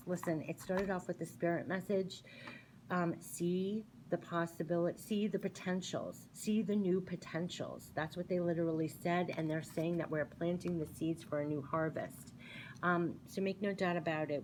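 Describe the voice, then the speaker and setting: Low-voiced woman reading tarot cards. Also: fairly even intonation, moderate pace, slight background noise, rough recording. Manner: earnest, reads card messages aloud between remarks. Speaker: tarot reader. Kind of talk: casual spiritual card reading.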